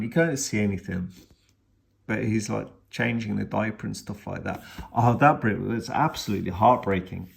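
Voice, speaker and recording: A man's voice: on the low side, moderate pace, creaky. A man and father giving a casual, rambling film review, retelling the plot with many restarts and fillers.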